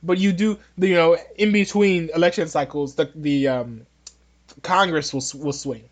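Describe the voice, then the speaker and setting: A man's voice: a little high, fairly even intonation, normal speed. A man hosting a podcast, giving casual political opinions in a rambling, joking way with many restarts. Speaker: podcast host.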